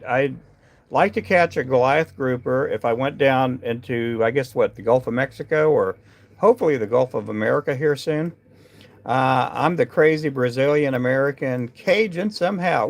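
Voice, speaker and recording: Gravelly-voiced man chatting on a live stream. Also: medium pitch. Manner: rambling, chatty, many fillers and restarts. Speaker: livestream host tying fishing jigs. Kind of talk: casual live-stream chat with viewers.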